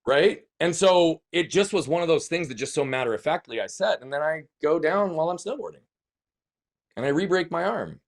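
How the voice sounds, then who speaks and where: A man's voice: on the high side, expressive, a little fast, gravelly. A man, a guest telling his story in an emphatic way, swearing at times and asking himself questions. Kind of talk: conversational storytelling.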